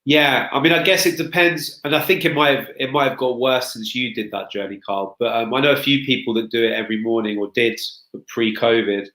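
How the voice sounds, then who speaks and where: A man's voice: mid-range voice, fairly even intonation, brisk, few pauses, sharp tone, echoey room, poor audio. A man speaking as a guest consultant in a casual chat, chatty, with frequent restarts and fillers.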